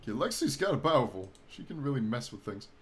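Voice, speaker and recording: Animated young man with a lively voice. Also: mid-range voice, fast talker, a little hiss or hum. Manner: animated, joking, reacts with laughter. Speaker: gaming video host. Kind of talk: playing and commenting on a text game.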